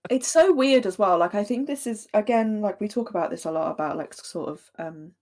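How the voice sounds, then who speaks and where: A woman co-hosting a casual podcast chat, talking in a hesitant, thoughtful way with many pauses and fillers. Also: mid-range voice, expressive, darkish tone. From Britain. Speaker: podcast co-host.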